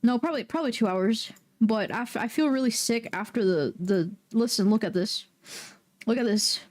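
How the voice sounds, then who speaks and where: A woman streaming a game, chatting casually with viewers and breaking into loud, excitable, swearing outbursts. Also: a little high, moderate pace. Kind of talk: casual livestream chat.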